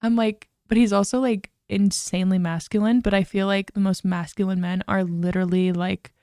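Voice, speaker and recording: A woman's voice: mid-range voice, steady tone, fairly quick, warm tone, smooth, dry recording, clean studio sound. A young woman hosting a casual solo podcast, chatty and full of "like" and "literally". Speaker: podcast host.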